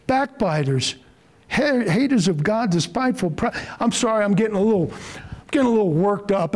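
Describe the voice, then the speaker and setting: A middle-aged man preaching a sermon as pastor, fervent and forceful at times, then slowing and softening. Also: high voice, low-quality recording. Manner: fervent, rising to forceful emphasis, then slow and soft.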